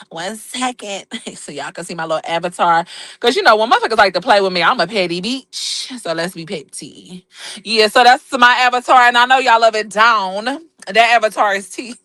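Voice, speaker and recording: A woman's voice: medium pitch, pushed and bright, dry recording. Sassy woman live-streaming from her phone. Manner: sassy, blunt, swears freely, laughs often. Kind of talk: casual live-stream chat.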